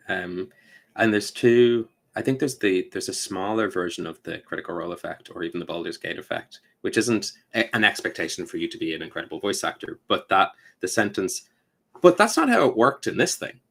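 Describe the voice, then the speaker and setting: A man talking casually on a podcast about tabletop gaming. He is animated, keeps dropping into quick quoted voices, laughs mid-sentence and swears now and then. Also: deep voice. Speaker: podcast co-host.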